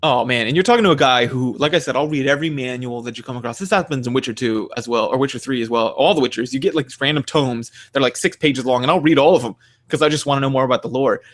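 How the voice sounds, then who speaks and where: A young man in casual podcast chat, ranting with animated energy and plenty of swearing. His voice sits at an ordinary middle pitch, and he slips into quick mock voices to make a point. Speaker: podcast co-host.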